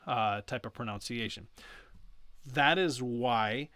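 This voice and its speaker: A man explaining pronunciation in a casual lesson, chatty and self-correcting, stretching sounds out slowly to demonstrate them. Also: mid-range voice, pushed and bright, dry recording. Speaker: language teacher.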